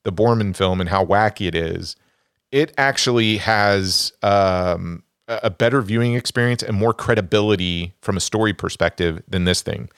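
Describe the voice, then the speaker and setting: Blunt low-voiced man ranking bad films. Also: moderate pace, fairly bright tone, clean tone, no echo, studio quality. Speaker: podcast co-host. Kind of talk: casual movie podcast chat.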